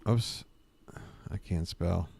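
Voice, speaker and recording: A man's voice: low-pitched, slow pace, gravelly, a little mellow, a little hiss or hum. A man hosting a live stream, riffing with sarcastic jokes in a rambling, self-interrupting way. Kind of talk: casual live-stream commentary.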